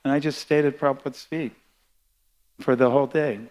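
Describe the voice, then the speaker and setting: An older man giving a sermon built around a personal memory, speaking in a halting, heartfelt way with frequent restarts. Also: medium pitch, fairly even intonation, a little mellow. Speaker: guest speaker at a temple class.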